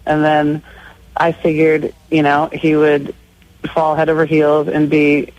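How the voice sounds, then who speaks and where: A woman calling into a radio advice show, hesitant and halting with many fillers. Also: low voice, monotone, a little mellow, dry recording, highs cut off. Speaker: caller. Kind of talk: call-in radio conversation.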